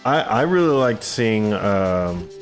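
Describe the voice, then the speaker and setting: A man's voice: fairly low pitch, big pitch swings, slow pace, soft background music. A man co-hosting a casual gameplay video, cracking jokes and reading game text. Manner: jokey, reads game text. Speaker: let's play co-host.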